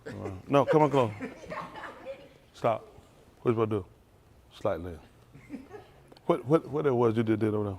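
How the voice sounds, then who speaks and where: A male pastor giving an informal, animated testimony sermon at a service, talking straight to the congregation and laughing often. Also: medium pitch, moderate pace, vocal fry, long pauses. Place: synagogue service.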